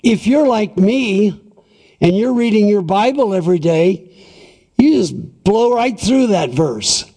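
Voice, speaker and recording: A man preaching a sermon, reading scripture and explaining it deliberately, posing and answering short rhetorical questions. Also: high-pitched, mellow. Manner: deliberate, emphatic Bible exposition, repeating rhetorical questions.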